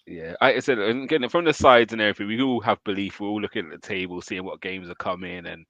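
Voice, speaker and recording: Deep-voiced man, dry close sound. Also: fast talker, a bit bright, no room sound. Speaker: football fan show host. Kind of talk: casual match reaction chat.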